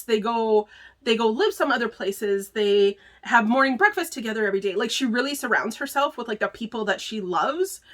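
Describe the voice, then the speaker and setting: A woman hosts a casual book review, talking in a loose, chatty way full of filler words. Her voice sits a little high and sounds bright and clear. She laughs easily between thoughts. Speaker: book club host.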